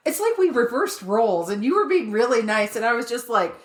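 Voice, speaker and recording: Here a podcast co-host tells lively stories in relaxed chat, swearing as she pleases. Her voice is a little high and quick, with a roomy sound around it.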